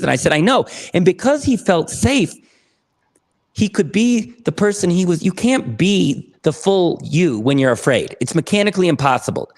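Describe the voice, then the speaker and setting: A man guesting on a podcast, telling a client story with energetic enthusiasm and acting out the dialogue. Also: high voice, moderate pace. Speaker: podcast guest, therapy program founder. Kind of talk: animated storytelling.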